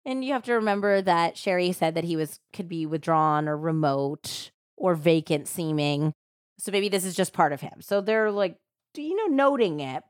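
A woman hosting a true crime podcast, retelling a case in a casual, animated way with lots of "like" fillers. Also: fairly low pitch, no echo, studio quality. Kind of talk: casual storytelling chat.

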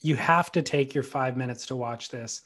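A man co-hosting a podcast, chatting casually about surfing in a relaxed, teasing way. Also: mid-range voice, normal speed. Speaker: podcast co-host. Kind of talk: casual surf talk chat.

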